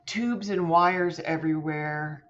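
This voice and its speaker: A middle-aged woman, a podcast guest, telling a personal story in an animated way and acting out quoted voices with big jumps in pitch. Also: slow pace. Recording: slightly muffled lo-fi sound.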